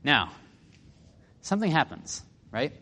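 Lively man teaching a Bible lesson. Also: fairly high pitch, a little slow, big-room sound. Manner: lively, conversational, asks the listeners questions.

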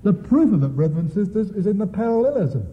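A man's voice: high voice, sing-song, quick pace. A man preaching a sermon, emphatic and repetitive, often turning to address the congregation directly. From Australia. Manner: emphatic, repeats points and keeps addressing the congregation. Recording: tinny lo-fi recording with long hall reverb.

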